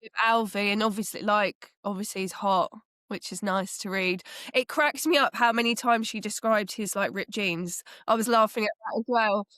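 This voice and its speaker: A woman's voice: medium pitch, normal speed, fairly bright tone, dry recording, clean studio sound. A woman co-hosting a casual book chat, laughing often and trailing off mid-thought. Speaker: podcast co-host.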